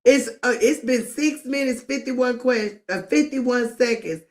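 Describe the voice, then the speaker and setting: A middle-aged woman hosting a live commentary stream, talking emphatically and drawing out words, with frequent laughs. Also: fairly high pitch. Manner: emphatic, drawn-out, laughs often.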